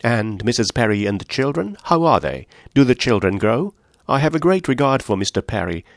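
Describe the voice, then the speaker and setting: A man voicing an eager, affectionate young mother who chats warmly. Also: medium pitch, big pitch swings, fairly quick, no echo, clean studio sound, pitched above the performer's own voice.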